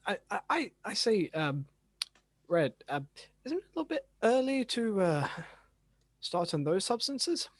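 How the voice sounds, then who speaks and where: A man's voice: high voice, big pitch swings, measured pace, dry recording, pitched above the performer's own voice, heavily acted. A man playing a shy, formal male bird person who stammers and speaks in an old-fashioned way, in a tabletop role-play game. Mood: hesitant.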